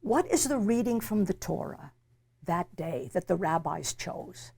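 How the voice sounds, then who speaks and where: An older woman, a literature professor, is interviewed in a reflective conversation. Her voice is low, expressive, creaky, dark, and husky at a measured pace; she speaks emphatically and often repeats words while searching for a phrase.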